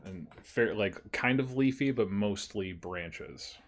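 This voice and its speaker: A man's voice: on the low side, slow pace, a little hiss or hum. A man playing a tabletop game, describing his character's actions casually with many fillers. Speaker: player.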